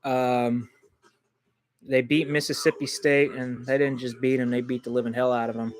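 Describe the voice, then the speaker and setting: A man hosting a livestream football reaction, excitable and quick to get indignant at calls, loose and rambling with many ums. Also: mid-range voice. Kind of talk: live football reaction commentary.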